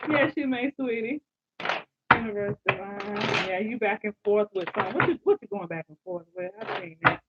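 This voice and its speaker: A woman giving a live tarot reading, animated, exclaiming and repeating phrases to her listeners. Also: medium pitch, a little fast, very noisy. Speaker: tarot reader. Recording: dull lo-fi sound.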